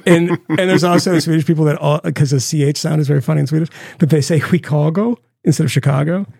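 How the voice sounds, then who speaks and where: A man's voice: on the high side, steady tone, quick pace, creaky, darkish tone, slightly rough, dry recording. A man co-hosting a podcast, telling rambling, profane stories with a lot of laughter. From United States. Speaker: podcast co-host. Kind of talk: casual rambling chat.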